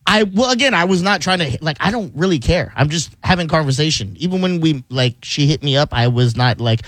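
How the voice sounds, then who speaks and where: A male radio host chatting on air in a dry, close studio sound. His voice sits a little higher than most men's, and he rambles through stories, stumbles over repeated words and breaks into laughter. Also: expressive, brisk, few pauses, a bit bright, dry recording. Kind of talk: casual studio chat.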